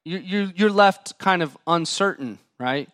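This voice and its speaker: A pastor preaching a sermon to his congregation, emphatic and questioning, swinging between loud and quiet. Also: high-pitched, lively intonation, a little slow, no room sound, clean studio sound.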